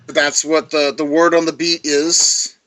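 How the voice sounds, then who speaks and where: A man co-hosting a podcast in casual chat, blunt, sarcastic and quick to swear. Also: on the high side, flat delivery, a bit bright. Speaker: podcast co-host.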